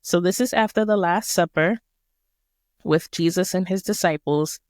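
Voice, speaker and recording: A woman's voice: lowish voice, moderate pace, darkish tone, no room sound, clean studio sound. A woman hosting a podcast, walking listeners through a Bible passage in a casual, slangy, emphatic way. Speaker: podcast host. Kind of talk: casual Bible study talk.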